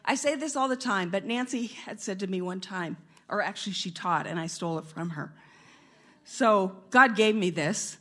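A middle-aged woman preaching a sermon, telling stories with lively bursts of laughter. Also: mid-range voice, normal speed. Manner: animated storytelling with bursts of laughter.

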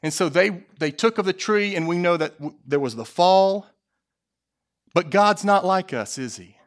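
A man preaching a sermon, his voice a little higher than most men's. He slows down hard on key lines and keeps asking the congregation questions. He throws in jokey asides. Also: animated. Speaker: pastor.

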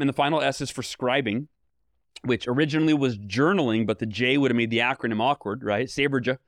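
A man guest on a podcast interview, telling lively stories with many fillers and restarts. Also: medium pitch, no room sound, studio quality. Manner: animated storytelling, fillers and restarts. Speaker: guest author.

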